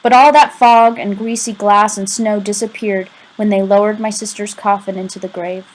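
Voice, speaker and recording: A woman's voice: mid-range voice, flat delivery, normal speed, poor audio. A woman reading a first-person novel aloud in a conversational, confiding way with casual asides to the listener. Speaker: audiobook reader.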